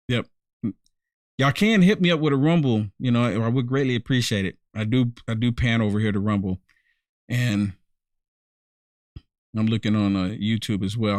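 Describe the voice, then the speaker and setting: A man's voice: medium pitch, no echo, studio quality. A man hosting a live-streamed political commentary, emphatic and repetitive, talking straight to his viewers and thanking them by name.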